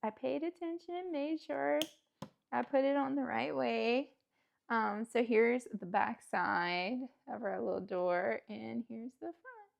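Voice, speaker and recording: A woman's voice: a little high, lively intonation, takes it slowly, creaky, dull audio. A woman at home chatting casually while building a toy kit, rambling with lots of fillers and self-talk, laughing often. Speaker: host.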